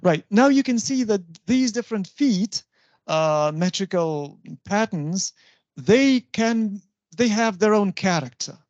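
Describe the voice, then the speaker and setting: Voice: medium pitch, expressive, slow pace, darkish tone. A lecturer delivers a university lecture in a patient, explanatory way and keeps asking "right?". The recording sounds muffled and lo-fi, with a very dry, close sound and no room echo. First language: Russian.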